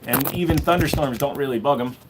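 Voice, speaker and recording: A man's voice: mid-range voice, fairly quick, noisy background. A man hosting a casual live stream, joking crudely and swearing as he shows off his collection and talks to chat.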